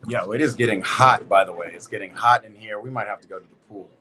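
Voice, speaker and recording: Man, bright forceful voice, watch-along streamer, slangy exclaiming reactions. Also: on the low side, fast. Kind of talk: live football watch-along commentary.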